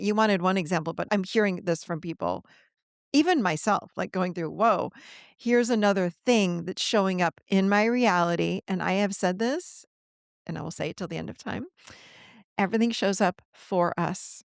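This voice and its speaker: Earnest woman with a gravelly edge. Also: mid-range voice, moderate pace, no echo, clean studio sound. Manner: earnest, animated, acts out quoted voices. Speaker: guest. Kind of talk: podcast interview, coaching talk.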